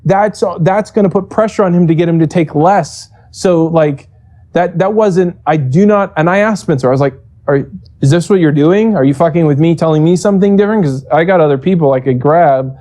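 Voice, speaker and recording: Brief: animated, profane male coach telling a heated story; warm, relaxed voice. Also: on the high side, a little fast. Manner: profane, animated, acts out quoted exchanges. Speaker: esports coach. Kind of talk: casual storytelling interview.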